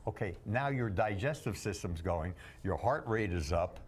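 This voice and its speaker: A man's voice: fairly low pitch, lively intonation, normal speed, a little hiss or hum. A man, a bodybuilder and entertainer guest, telling wisecracking anecdotes on a talk show and acting out the voices in them. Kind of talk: joking talk-show storytelling.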